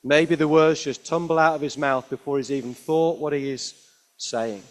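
A man preaching a sermon, telling the story expressively with frequent rhetorical tag questions, rising to emphatic peaks and dropping to hushed lines. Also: on the high side, steady tone, normal speed.

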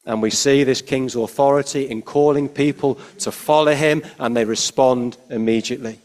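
A man preaching a sermon, measured and emphatic, his phrases falling quiet at the ends. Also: medium pitch, steady tone.

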